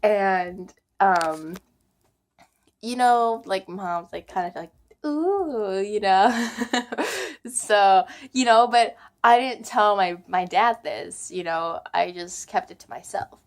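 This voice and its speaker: Slow, giggly young woman storyteller. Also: medium pitch. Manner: chatty, giggly, full of "like" and "um". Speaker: vlogger. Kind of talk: casual storytelling.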